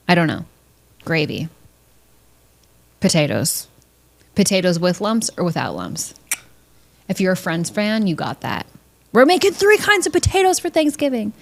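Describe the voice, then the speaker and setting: Woman podcast host, lower voice, casual monologue, profane and jokey, mimics relatives with squeaky put-on voices. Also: gravelly. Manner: blunt, profane, jokey, mimics family members in high voices.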